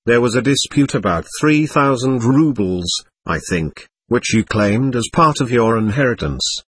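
A man voicing a formal investigating official who asks pointed questions. The husky voice moves freely in pitch and sounds close and dry. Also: animated, a little slow, fairly bright tone, dry recording.

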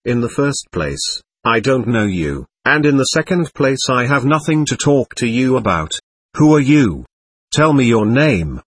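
Guy reading a suspicious stubborn ghost, husky voice, swoops up and down a lot. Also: medium pitch, very animated, measured pace, no echo. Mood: indignant. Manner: defiant, suspicious and bewildered. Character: indignant confused ghost of a dead adult, hostile. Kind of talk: reading a dialogue aloud.

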